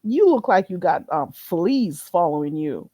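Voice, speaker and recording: Woman livestream host, blunt and mocking rant, very animated pitch, dry close sound. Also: a little slow, dry recording. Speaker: channel host.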